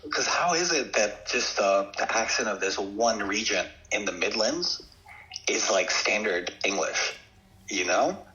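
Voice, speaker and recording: A man's voice: on the low side, lively intonation, a little slow, sharp tone, dull audio, slight background noise. A man co-hosting a podcast in casual chat, hesitant and filler-heavy as he talks it through. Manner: hesitant, many fillers and restarts. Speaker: podcast co-host.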